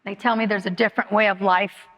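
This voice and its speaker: A woman giving a candid personal testimony at a recovery meeting, talking haltingly with many fillers and restarts. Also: medium pitch, fairly even intonation, a bit bright. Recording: long hall reverb.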